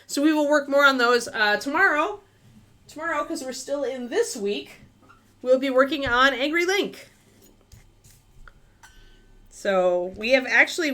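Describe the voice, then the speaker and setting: A woman's voice: fairly high pitch, fairly bright tone. A woman hosting a miniature-painting livestream, chatting casually and thinking aloud with many fillers.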